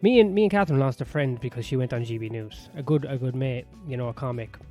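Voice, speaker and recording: A man's voice: medium pitch, quick pace. A man with an Irish accent hosting his own podcast, rambling through a crude, sardonic comedic monologue full of swearing. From Ireland. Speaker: podcast host. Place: sauna-area home in west London. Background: soft piano music.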